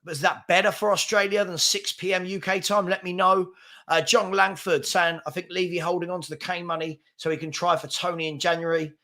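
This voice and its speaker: This football channel host, a man in his 40s with a highish, sharp voice, runs a casual live chat stream. Worn out from an early start, he reads viewer comments in a chatty, rambling, self-deprecating way.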